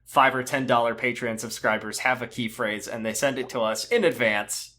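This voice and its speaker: A man co-hosting a casual podcast chat, animated and swearing, stumbling over his words when excited. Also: medium pitch, normal speed. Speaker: podcast co-host.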